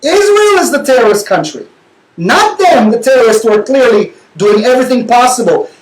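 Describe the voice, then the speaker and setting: A man hosting a talk show, arguing passionately and fast, repeating words when worked up. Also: very high voice, sing-song, roomy sound, low-quality recording. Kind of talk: heated talk-show debate.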